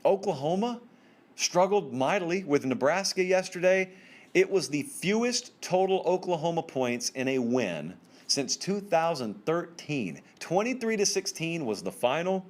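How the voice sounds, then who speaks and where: A man's voice: sing-song, a little slow. A man hosting a solo college football commentary show, talking to viewers in an emphatic, conversational way with casual slang. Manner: emphatic, conversational, pitch swings up for stress; informal slang and direct address to viewers.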